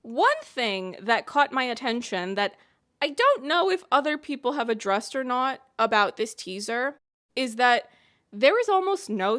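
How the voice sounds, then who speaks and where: A woman vlogger delivers articulate, opinionated commentary, leaning hard on her points. Her voice sits a little high. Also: a bit bright. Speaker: book and film vlogger.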